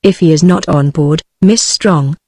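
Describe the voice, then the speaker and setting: A woman's voice: sits low, unhurried, warm tone, no echo, clean studio sound. A text-to-speech woman's voice with a British accent voicing a concerned male ship's captain, in her usual voice. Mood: grave. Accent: British English. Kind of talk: synthetic text-to-speech book reading.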